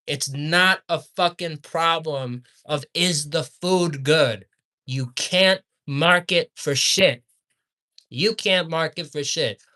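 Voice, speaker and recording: This is a man's foul-mouthed fast-food review, full of repeated insults, where his delivery lurches from low mumbling to outright shouting.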